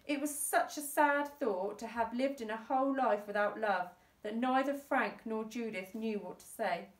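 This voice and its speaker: A woman teacher reading a children's book aloud with brisk storytelling narration, recorded in an echoey room on a distant mic. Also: on the high side.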